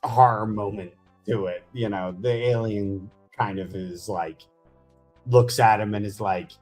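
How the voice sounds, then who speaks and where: A man's voice: lowish voice, steady tone, measured pace, a little mellow, soft background music. A man hosting a casual miniature-painting chat, rambling enthusiastically as he tells stories. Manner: chatty, rambling, enthusiastic storyteller.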